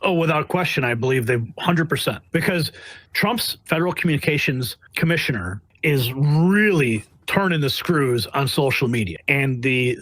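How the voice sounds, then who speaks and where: A man's voice: fairly high pitch, fairly bright tone, poor audio. A man speaking as a White House press correspondent, telling his stories bluntly and emphatically, acting out the voices of the people in them. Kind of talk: animated interview storytelling.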